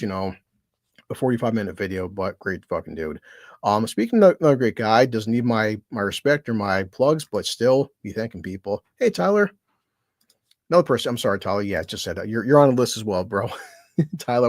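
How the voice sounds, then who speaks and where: A man chats loosely on his livestream, rambling from one friend to the next and swearing freely. His voice sits at an everyday middle pitch. The sound is dry, with almost no room around it. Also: a little mellow, dry recording. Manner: rambling, profane, self-deprecating; laughs between remarks. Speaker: streamer thanking fellow creators. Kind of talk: casual livestream chat.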